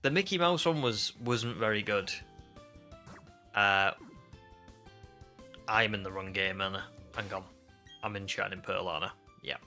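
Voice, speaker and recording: A man's voice: lowish voice, a little slow, pauses often, bright, forceful tone, faint music behind. A man streaming a game live, chatting casually and joking at his own expense. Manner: self-deprecating, chatty.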